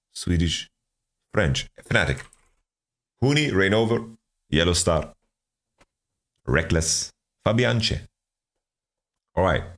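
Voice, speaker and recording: A man streaming offers casual commentary, thinking aloud as he guesses team rosters from player nationalities and often repeating words. He has a low voice with a fairly bright tone.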